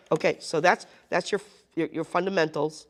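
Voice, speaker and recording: A woman's voice: sits low, fairly even intonation, moderate pace. A woman teaching a live group ukulele lesson, counting beats aloud and checking in with the class. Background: ukulele playing.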